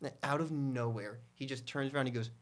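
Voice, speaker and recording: A man's voice: mid-range voice, steady tone, fast. A young man hosting a podcast in a casual chat. He is playful and teasing, throws out hot takes, and asks his guest easy questions. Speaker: podcast host.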